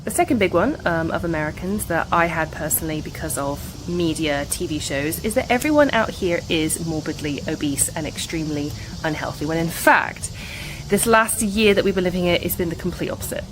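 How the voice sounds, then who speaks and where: A woman's voice: fairly low pitch, brisk, background noise. A woman from Britain talking to camera in a casual vlog, confidently listing her points one by one. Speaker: vlogger.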